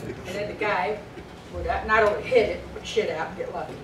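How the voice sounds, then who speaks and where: A woman's voice: medium pitch, fairly even intonation, fairly quick. A middle-aged woman giving a memorial speech full of anecdotes about a late friend, often laughing as she tells them. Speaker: speaker honoring a late friend; women's pool tour board member. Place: banquet hall at a dinner. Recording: echoey distant hall recording with background noise.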